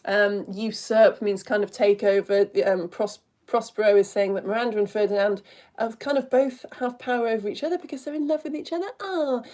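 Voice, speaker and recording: A young British woman teaching a live online lesson from home, chatty and quick to laugh, with many restarts. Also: medium pitch, dark tone. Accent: British English.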